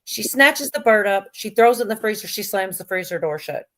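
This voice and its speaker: A woman's voice: mid-range voice, lively intonation, a little fast. A middle-aged woman hosting a livestream, telling a corny joke in a rambling, giggly way. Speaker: livestream host. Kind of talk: casual chat, telling a joke.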